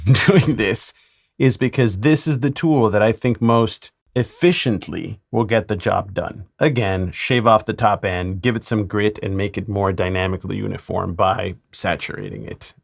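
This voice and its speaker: Lower-voiced man explaining drum mixing. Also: moderate pace, creaky. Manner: relaxed explaining, playful asides. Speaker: mix engineer. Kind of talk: mixing tutorial.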